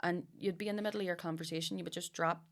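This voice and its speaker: A woman's voice: fairly low pitch, fairly even intonation, very fast. A woman with a Northern Irish accent telling stories in casual podcast chat, swearing freely and laughing often.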